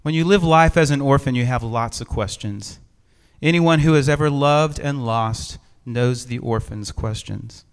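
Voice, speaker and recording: Man preaching a measured, reflective sermon. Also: mid-range voice, clean tone. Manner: measured, reflective storytelling with gentle humor. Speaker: pastor. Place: empty church sanctuary.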